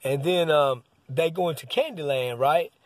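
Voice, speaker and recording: A father tells a story about his son, rambling and swearing casually and saying "man" over and over. His voice is a little high, his pace moderate, and there's no room sound.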